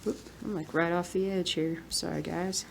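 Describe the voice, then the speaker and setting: A woman, chatting softly and rambling as she cross-stitches. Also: on the low side, fairly even intonation, moderate pace, creaky, a little hiss or hum. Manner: soft-spoken, rambling, murmurs to herself while working. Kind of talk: relaxed stitch-along chat.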